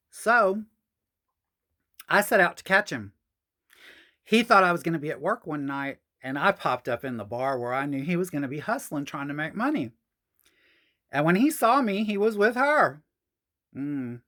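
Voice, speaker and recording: A woman's voice: sits low, very animated, measured pace, pauses often, fairly bright tone. A woman telling a personal story on a podcast, frank and profane, with sassy asides.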